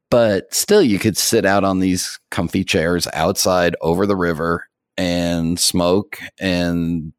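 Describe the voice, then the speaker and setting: A deep-voiced American man talks through a casual podcast conversation. He rambles comfortably, with many fillers and small laughs. The sound is dry and close. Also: slow, no echo. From United States. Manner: relaxed and rambling, with frequent fillers and soft laughs. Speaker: podcast host. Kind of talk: casual chat.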